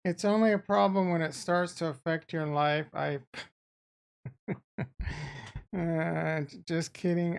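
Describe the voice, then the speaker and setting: A man's voice: on the high side, a little slow, vocal fry, pauses often, smooth. A man casually rambling through his trading day as host, joking and talking to his chat. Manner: rambling, jokey, talks to chat, sudden excited outbursts. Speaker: crypto trading streamer. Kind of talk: casual rambling market commentary.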